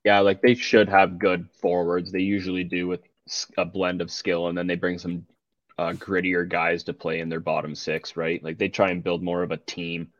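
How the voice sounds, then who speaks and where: Young male co-host with a very deep, monotone voice, blunt and offhand, recorded on a dull lo-fi mic. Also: moderate pace, no echo. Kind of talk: casual sports chat.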